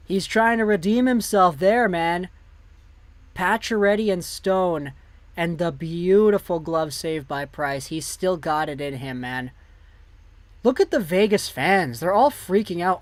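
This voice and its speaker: A man calling hockey play-by-play on his own livestream, excitable and jumping up loud on big saves. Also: high voice, a little slow, no echo. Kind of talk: play-by-play commentary.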